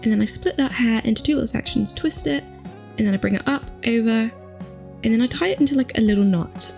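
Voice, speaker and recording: A young woman chatting casually through a hair tutorial, upbeat and full of fillers, her voice still rough from just waking up. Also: fairly high pitch, quick pace, a little mellow, soft background music. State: morning voice, just woken.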